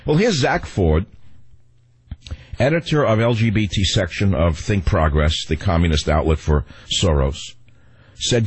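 Husky-voiced combative radio talk host. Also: male voice, low voice, animated, measured pace, pauses often. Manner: combative, sarcastic, rambling asides. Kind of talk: opinionated radio monologue.

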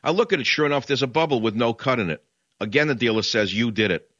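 Combative talk radio host, bright and dry. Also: male voice, medium pitch, lively intonation, fast, no echo, dull audio. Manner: combative, ranting, sarcastic asides.

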